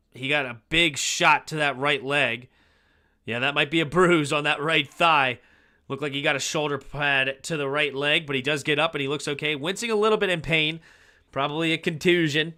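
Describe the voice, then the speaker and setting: Excitable bright-voiced man calling plays. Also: fairly high pitch. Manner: excitable, bursts of loud reactions over steady calls. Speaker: fan livestream host doing play-by-play. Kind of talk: live play-by-play and analysis.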